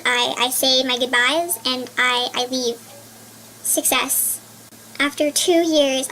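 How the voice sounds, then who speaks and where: A young woman casually telling a long story to camera, excitable and rambling, with frequent stammered restarts. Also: high-pitched, a little hiss or hum, low-quality recording.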